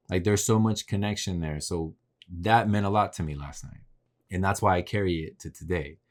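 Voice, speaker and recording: A man hosting his own podcast, talking casually and candidly about his work, swearing freely as he reflects on himself. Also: low voice. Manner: candid, profane, self-reflective. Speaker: podcast host. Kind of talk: casual solo podcast monologue. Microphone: podcast mic facing camera.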